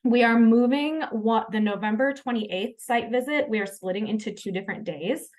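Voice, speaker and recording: A woman's voice: on the high side, moderate pace, darkish tone. Chatty upbeat woman leading a training. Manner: upbeat, chatty, many fillers. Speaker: session facilitator. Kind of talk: online training session.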